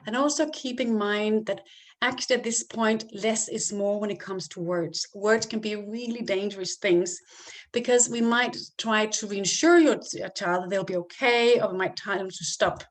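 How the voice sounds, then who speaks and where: A woman giving calm, step-by-step parenting advice as a coach, sometimes acting out what to say to a child. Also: mid-range voice, moderate pace. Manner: calm, explains step by step and acts out example phrases to a child.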